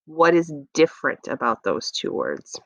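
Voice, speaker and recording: A woman teaching young children a phonics lesson, patiently encouraging them and sounding out letters slowly, recorded on a dull lo-fi setup. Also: a bass voice, sing-song, gravelly, fairly bright tone, dry recording. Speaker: elementary school teacher.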